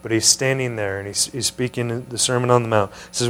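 A man's voice: mid-range voice, steady tone, a little fast, fairly bright tone. Guy preaching a chatty teaching sermon, asks the room stuff, hum in the background. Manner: conversational, asks the room questions. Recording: mains hum behind voice.

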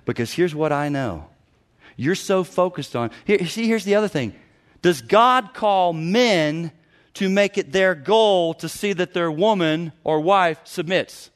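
Animated middle-aged male preacher, fairly high. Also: a little slow. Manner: animated preaching, acting out people's voices with sudden loud bursts. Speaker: pastor. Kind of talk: sermon.

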